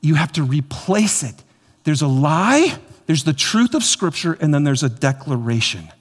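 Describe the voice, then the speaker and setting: A man preaching a sermon as pastor, animated and repetitive, speaking straight to his congregation. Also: fairly high pitch, moderate pace. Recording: long hall reverb.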